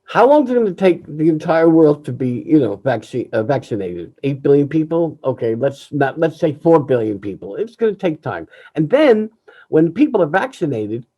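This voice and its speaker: Older guy on a video call, a bit high and swoopy, halting, emotional, muffled sound. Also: sing-song, mellow, husky. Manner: emotional, reflective, halting with restarts. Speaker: jazz pianist. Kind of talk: candid personal talk.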